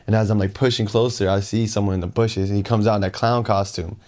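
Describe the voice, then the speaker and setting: A young man, a guest, tells a story in casual chat, acting out the quotes in an animated way and saying "like" a lot. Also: fairly low pitch, quick pace. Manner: animated, acts out quotes, many "like"s. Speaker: guest, long-distance skateboarder. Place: small reverberant room. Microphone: lapel mic. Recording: small echoey room with background noise.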